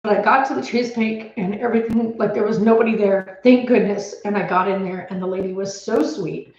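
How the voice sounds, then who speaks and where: A woman's voice: medium pitch, little pitch movement, a little fast, a little mellow. Woman vlogger, home office, nervous rambling storyteller near tears; roomy, slightly muffled audio. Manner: anxious, rambling retelling with many restarts. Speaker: homestead vlogger. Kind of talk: casual storytelling to camera.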